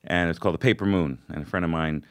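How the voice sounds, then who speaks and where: An older man from Brooklyn with a faded Brooklyn accent, hosting a casual interview and rambling with many pauses. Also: low voice, no echo, studio quality. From Brooklyn, New York. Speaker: podcast host.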